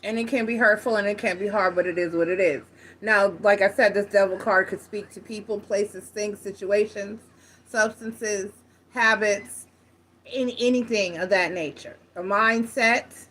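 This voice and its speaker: A woman's voice: mid-range voice, fairly even intonation, moderate pace, fairly bright tone. A woman giving a casual tarot reading, talking frankly and directly to her viewers, with slang and the odd swear. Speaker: tarot reader.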